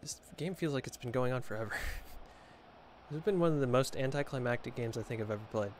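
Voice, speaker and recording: A man riffs through a football video game, talking straight to his viewers and heckling the players on screen. His voice sits at an everyday middle pitch, recorded on a desk mic at home. A faint hiss runs underneath. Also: fast. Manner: chatty, joking, talks to viewers and the players on screen. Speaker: gaming video creator. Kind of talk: casual gameplay commentary.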